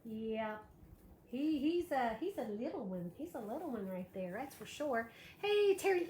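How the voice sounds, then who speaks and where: A woman's voice: on the high side, sing-song, normal speed, dark tone. A woman hosting a live wreath-making tutorial, chatty and gushing as she greets viewers by name. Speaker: live craft show host. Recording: echoey room with faint background noise.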